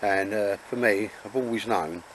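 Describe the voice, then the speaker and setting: A man's voice: lowish voice, normal speed, a bit bright, a little hiss or hum. A man chatting casually and jokily while camping in damp woods. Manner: chatty, jokey, laid-back. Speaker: vlogger. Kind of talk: casual outdoor chat.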